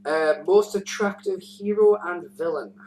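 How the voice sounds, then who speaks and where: A man's voice: sits high, unhurried, darkish tone, roomy sound. A man hosting a casual podcast chat, moving through a list of topics and answering with short agreeing replies. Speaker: podcast host. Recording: distant mic with faint hum.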